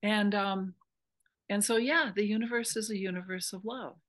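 A woman's voice: mid-range voice, fairly even intonation, normal speed, a bit bright. A woman spiritual teacher in an interview, earnestly explaining a meditation practice step by step.

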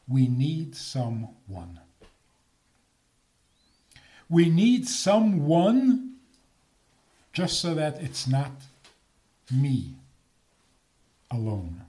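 Male rabbi-type lecturer, slow and deliberate, pitch jumping around a lot, playful rhetorical questions. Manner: animated, rhetorical questions, chuckles at own points. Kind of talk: lecture with humor.

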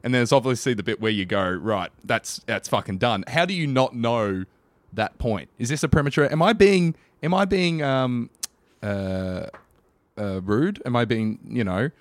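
A man's voice: mid-range voice, lively intonation, moderate pace, dry recording. A young man co-hosting a comedy podcast, rambling with crude, self-mocking banter. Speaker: podcast co-host.

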